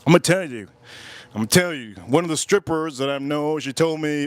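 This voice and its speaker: A man's voice: fairly high pitch, fairly quick, no echo. Rambling man on a livestream. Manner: rambling, repeats his phrases. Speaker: livestream host. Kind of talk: casual livestream storytelling.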